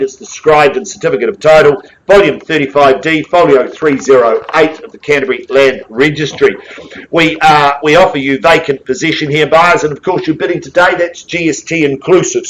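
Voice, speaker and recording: Jovial New auctioneer, brisk patter. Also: male voice, fairly high pitch, a little hiss or hum, low-quality recording. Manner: brisk, jovial patter with quick asides to bidders. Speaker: real estate auctioneer. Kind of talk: live property auction calling. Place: auction room with bidders present.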